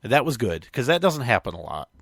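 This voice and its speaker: A man's voice: medium pitch, sing-song, quick pace, creaky, fairly bright tone, no room sound, studio quality. A man hosting a casual talk show, bluntly explaining and correcting the news. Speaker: host. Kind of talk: casual chat.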